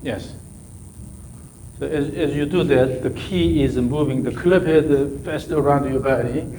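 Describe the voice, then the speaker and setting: A man's voice: medium pitch, measured pace, noisy background. A man whose first language is Korean, coaching a golf student with short, repeated instructions. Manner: short repeated instructions, non-native phrasing. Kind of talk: coaching a student during practice.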